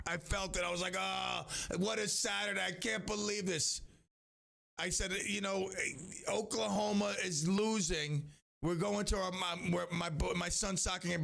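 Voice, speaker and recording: A middle-aged man hosts his own live stream, his voice gravelly with fry and sitting a little high for a man. He talks in loose, animated rambles, restarting sentences as he goes. His voice is slightly roughened from yelling the day before. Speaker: live stream host and youth sports coach. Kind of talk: casual solo live stream chat.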